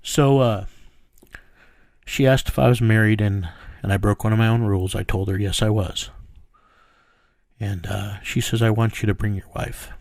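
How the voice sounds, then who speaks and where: Fairly low and gravelly, a bit mellow and recorded with no echo, this American man's voice carries a tense bounty-hunting story told bluntly in an interview. He swears and acts out the quoted lines of the people involved.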